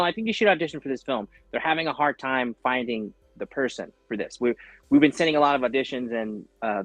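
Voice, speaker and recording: A man appearing as an actor guest spins a story during a relaxed interview, performing the voices of the people he quotes. His mid-range voice comes through a dry recording, lively and full of fillers.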